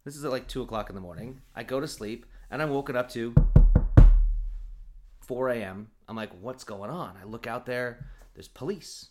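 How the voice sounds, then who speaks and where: A man tells a funny personal story in a loose, chatty way. He jumps into quoted lines of dialogue, laughs as he goes, and fills his talk with casual fillers. His voice sits at an ordinary middle pitch. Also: brisk, faint music behind. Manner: animated, acts out quotes, laughs often, many fillers.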